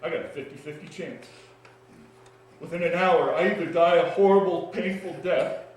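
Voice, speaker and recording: Shaken freed prisoner, played by a man, fairly high voice, halting stage monologue, big echoey hall, distant mic, faint hiss. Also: a little mellow, lightly acted. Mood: haunted. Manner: intense, halting, heavy pauses between phrases.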